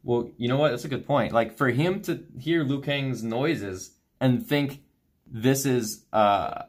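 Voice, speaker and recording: A man co-hosting a stream, commenting casually and reading forum posts aloud with quick asides. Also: medium pitch, husky. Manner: animated, quick, reads quotes in asides. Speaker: streamer co-host.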